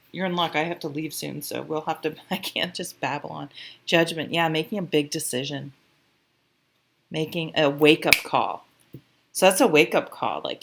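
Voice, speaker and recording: Low-pitched woman, casual tarot reader, rambling and emotional, close mic. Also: fairly even intonation, normal speed, gravelly. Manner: chatty, rambling, emotional, with fillers and swearing. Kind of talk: casual tarot reading monologue.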